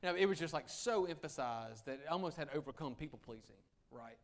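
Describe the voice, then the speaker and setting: A man from the American South, giving an animated, conversational presentation as an attorney to a professional group. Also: on the high side, fast talker. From Southern United States. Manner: animated, conversational, acts out quotes. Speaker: attorney giving a negotiation talk. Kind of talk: conference presentation. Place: meeting room.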